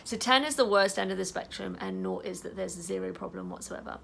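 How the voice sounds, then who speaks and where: Gentle woman guiding tapping. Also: medium pitch, brisk, vocal fry. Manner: casual and chatty, affirmations spoken softly, trailing to a whisper. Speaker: EFT tapping guide. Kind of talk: guided tapping instruction.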